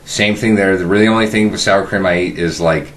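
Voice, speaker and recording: A man's voice: deep voice, fairly even intonation, brisk, fairly bright tone, slight background noise. A man hosting a podcast, rambling casually with lots of fillers and crude jokes. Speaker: podcast host. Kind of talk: casual chat.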